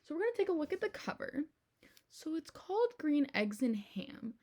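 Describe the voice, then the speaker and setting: A young adult woman teacher reads a picture book aloud to her class in an animated storytime style, asking the children questions as she goes. Her voice is high-pitched and her pace normal.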